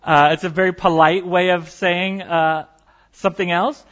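A man's voice: high-pitched, little pitch movement, moderate pace, fairly bright tone, muffled recording. A man preaching a sermon as pastor, conversational and storytelling, with light humor.

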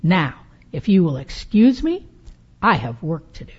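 A woman voicing a grumpy, stubborn old woman who sweeps, with a gruff, curt, muttering delivery. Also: on the low side, big pitch swings, unhurried, full character voice. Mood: curt, dismissive. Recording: dull lo-fi recording.

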